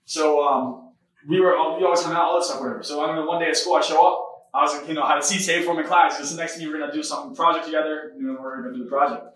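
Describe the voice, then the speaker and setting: A young man preaching a testimony sermon, telling stories in a rapid, animated way. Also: a little high, distant mic. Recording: echoey room, voice from afar.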